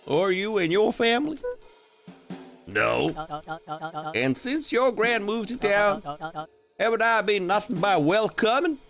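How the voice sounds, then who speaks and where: A man's voice: sits high, very animated, unhurried, creaky, pauses often, fairly bright tone, voice pushed up, exaggerated voice. A man voicing a persuasive grown townsman who is pleading to be trusted, reading game dialogue aloud in a coaxing, wheedling manner. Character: smooth-talking adult male townsman, persuasive. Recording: game music behind.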